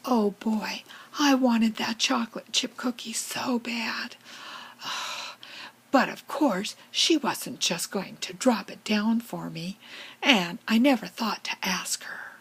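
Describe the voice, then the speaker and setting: A woman voicing a friendly, vain female fox who tells a children's story in a whispered role-play, with a slow, breathy manner. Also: a little high, full character voice, rough recording. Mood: gentle, hushed.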